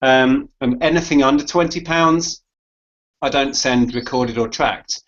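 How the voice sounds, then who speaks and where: A man's voice: medium pitch, measured pace. Man reading viewer questions. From United Kingdom. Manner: steady, explanatory, reads questions aloud. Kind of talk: casual podcast chat. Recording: dull lo-fi audio.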